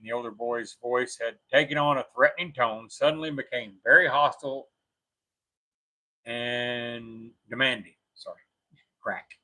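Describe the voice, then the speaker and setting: A man's voice: medium pitch, unhurried, pushed and bright, rough recording. A man co-hosting a show, reading a scary story aloud and now and then correcting his own slips.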